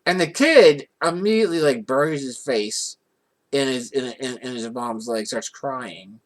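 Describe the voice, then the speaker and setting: The vlogger here has a medium-pitched voice and a measured pace. The personal story wanders casually, animated, with plenty of restarts and mounting indignation.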